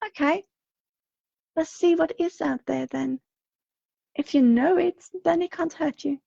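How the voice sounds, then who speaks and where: Swedish-accented woman on a stream, a bit sick, dark mellow tone, rambly and soft, muffled dry mic. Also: high-pitched, unhurried, vocal fry, dry recording. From Sweden. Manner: gentle, rambling, frequent fillers and soft laughs. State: slightly unwell. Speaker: intuitive reader on a livestream. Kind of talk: livestream message reading and chat. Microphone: home streaming microphone.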